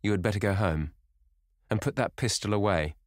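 A man voicing a frantic young gentleman who gasps and stammers in terror, then turns cold and superior, in a storybook reading. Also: on the low side, normal speed, no room sound, studio quality, lightly acted. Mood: stern. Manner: gasping, stammering, rising to triumphant and stern.

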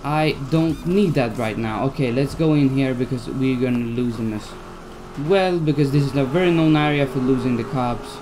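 A man's voice: medium pitch, normal speed, darkish tone, slight background noise. A young man giving gameplay commentary as a YouTuber, stressed and swearing as he talks to himself. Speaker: gaming YouTuber. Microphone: desk mic at a PC.

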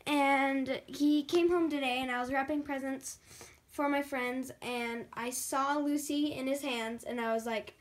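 A young woman vlogging casually at home in a chatty, excitable way, often quoting what others said. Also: high-pitched, moderate pace. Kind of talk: casual vlog chat to camera.

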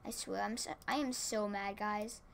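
A tired woman giving casual gameplay commentary at home, excitable and rambling, repeating her exclamations. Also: medium pitch, normal speed, vocal fry, background noise. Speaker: gaming channel host. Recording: keyboard clicks and typing behind.

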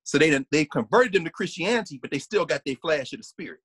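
Husky man lecturing with lively pitch. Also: fast, no echo. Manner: lively, restarts often, hums and sings snippets. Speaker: guest lecturer. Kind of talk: animated conversational lecture.

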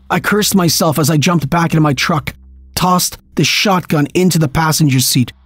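A man's voice: a little high, no room sound. Man narrating a tense story. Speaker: audiobook narrator. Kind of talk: first-person story narration.

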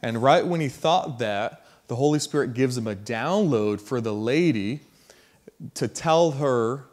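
A man's voice: medium pitch, animated, measured pace. Casual storytelling male preacher. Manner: casual, slangy storytelling that builds to loud emphasis. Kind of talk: sermon storytelling.

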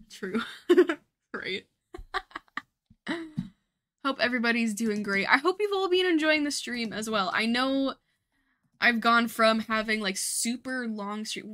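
A streamer in her late twenties chats casually on a gaming livestream, laughing a lot and swearing freely. Her voice is fairly high-pitched with a sharp tone, and light music plays in the background.

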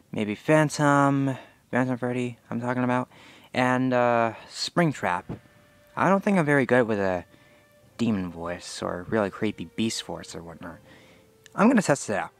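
Teen boy vlogger, mid-pitched, rambly, unsure of himself. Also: clean tone, dry recording. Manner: rambling, many fillers and self-corrections; unsure and self-critical. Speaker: channel owner. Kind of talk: casual vlog update.

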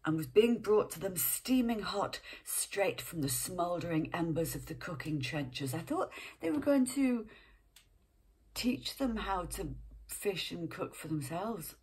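A woman's voice: fairly low pitch, lively intonation, measured pace, darkish tone, slightly rough. A woman reading a book aloud page by page, breaking off for chatty asides and sometimes dropping to a whisper. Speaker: reader.

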